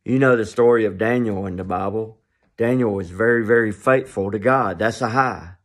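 Low-voiced man preaching a sermon. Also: normal speed. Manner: storytelling with rhetorical questions. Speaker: pastor.

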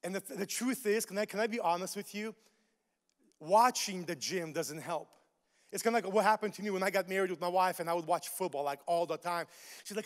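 A man preaching a sermon to his church, animated, swinging between quiet asides and shouted points. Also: sits high, a little fast, big-room sound. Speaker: pastor. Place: church sanctuary.

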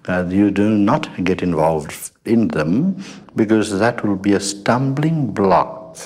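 A man giving a spiritual talk to an audience as a teacher, deliberate and ending points with a questioning "hmm?". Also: deep voice. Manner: slow, deliberate, with "hmm?" tags.

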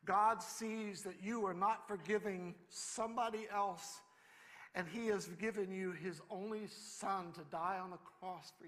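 Male pastor with a high voice, emphatic and conversational, in a church with long reverb. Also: fairly bright tone. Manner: emphatic, conversational preaching with rising bursts. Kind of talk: sermon. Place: church sanctuary.

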